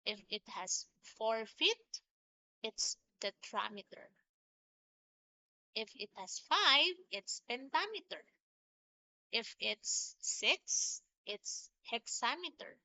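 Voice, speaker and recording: A woman teacher walks through a poetry lesson at an unhurried pace, tapping out rhythms as she explains. Her voice is bright and a little high. The sound is dry and somewhat muffled, with a lo-fi edge. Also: big pitch swings, dry recording. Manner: slow, patient explaining with sung-out rhythm examples. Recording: dull lo-fi sound.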